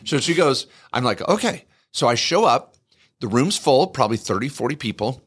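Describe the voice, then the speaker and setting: Husky, lively-voiced man telling a story. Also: medium pitch, brisk. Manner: animated, jokey storyteller who acts out quoted people. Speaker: podcast co-host. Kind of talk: casual storytelling chat.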